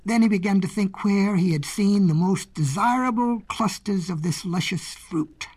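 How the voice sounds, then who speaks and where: A woman narrating storybook fables in a playful, expressive way. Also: medium pitch, moderate pace, slightly rough.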